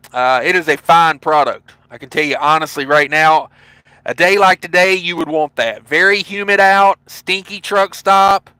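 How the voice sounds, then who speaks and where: A man's voice: high-pitched, pushed and bright, no room sound, poor audio. A man with a Southern accent from Tennessee, a trucker hosting a casual livestream from his truck cab, reading viewer comments with laid-back, jokey asides. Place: parked truck cab at a truck stop.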